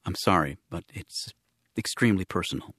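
A man doing a secretive man with a hushed, guarded way of speaking, his low voice pressing and pleading with quiet urgency in a storybook reading. The sound is close and dry. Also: expressive, moderate pace, husky, no room sound, exaggerated voice. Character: tense secretive man driven by a private grief.

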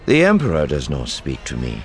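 Deep voice, calm alien officer, formal, measured delivery, read by a man. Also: slight background noise, full character voice. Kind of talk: audiobook character voice.

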